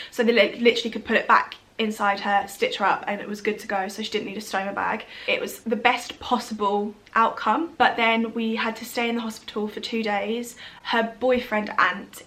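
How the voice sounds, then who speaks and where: Young woman, 20s, vlogger, slightly high voice, loose chatty storytime delivery. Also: a bit bright. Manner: chatty, frequent fillers like "like" and "literally". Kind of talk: personal storytime to camera.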